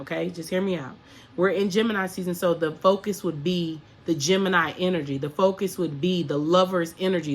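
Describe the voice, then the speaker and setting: A woman's voice: lowish voice, breathy edge. A woman speaking as a spiritual coach and astrology reader. She talks casually to her viewers, with emphatic, repeated rhetorical questions and profane slang.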